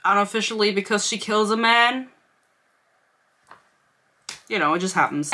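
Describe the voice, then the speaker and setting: A woman's voice: mid-range voice, bright, forceful tone. A woman in her twenties giving a casual, sarcastic book review vlog, laughing and reading excerpts aloud.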